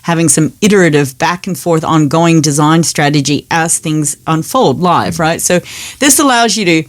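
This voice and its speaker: A woman co-hosting a casual podcast, explaining ideas in an animated, chatty way and often checking in with "right?". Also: low-pitched, moderate pace. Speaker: podcast co-host, work design consultant.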